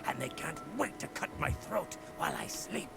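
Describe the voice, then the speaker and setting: A man's voice: on the high side, big pitch swings, moderate pace, vocal fry, heavily acted. An actor playing a boisterous old male pirate sailor in a video game, with a stereotypical pirate voice. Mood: hearty. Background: game music.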